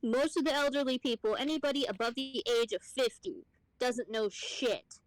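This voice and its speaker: A woman's voice: high-pitched, moderate pace, no echo, poor audio. A young woman in casual chat, ranting and swearing as she tells stories about her job. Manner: profane ranting storyteller, swears often. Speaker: streamer co-host.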